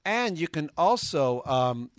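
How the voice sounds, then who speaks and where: A man co-hosting a casual talk show, easygoing and quick to laugh as he asks questions. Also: a little high, big pitch swings, dry recording. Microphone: studio mic.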